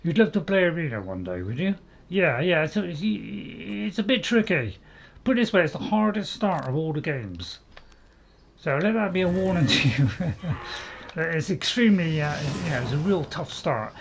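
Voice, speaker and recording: A man's voice: fairly high pitch, sing-song, moderate pace, creaky. A man hosting a casual let's-play, rambling and chatting to his viewers as he plays. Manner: rambling, self-admitted waffler; chatty, talks to viewers in chat. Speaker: gaming channel host.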